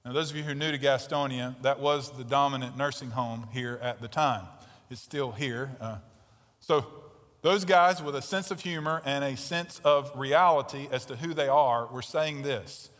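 A man's voice: medium pitch, steady tone, normal speed, a bit bright, big-room sound. A man in his fifties, a pastor preaching an expository sermon, emphatic and repeating key phrases for stress.

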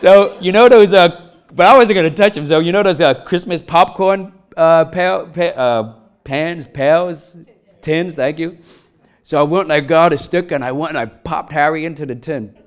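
A middle-aged man preaching a sermon, telling a funny personal story, laughing often and getting loud as he acts it out. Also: a little high, normal speed, clear, resonant tone. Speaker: pastor.

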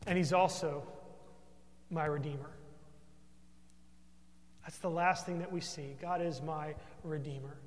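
A man's voice: on the high side, steady tone, a little slow, long pauses, big-room sound, a little hiss or hum. A man preaching a sermon as pastor, earnest and emphatic, often tossing in a questioning "right?" to the congregation.

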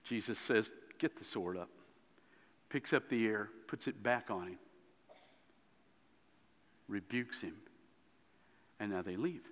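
A man preaching a sermon as a pastor, telling a story with lively swings between loud and hushed moments. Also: lowish voice, slow pace, pauses often. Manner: animated storytelling, dropping to hushed tones. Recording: dull lo-fi sound in a reverberant hall.

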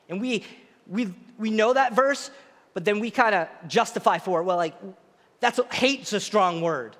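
A man's voice: high-pitched, expressive, moderate pace, a bit bright, long reverb tail. A male pastor preaching a sermon in an earnest, emphatic way that leans on repetition.

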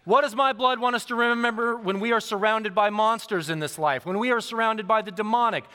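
A man in his thirties preaching a sermon as pastor, telling stories to a congregation in a lively, animated way. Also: high-pitched, a little fast, smooth. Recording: long reverb of a large hall.

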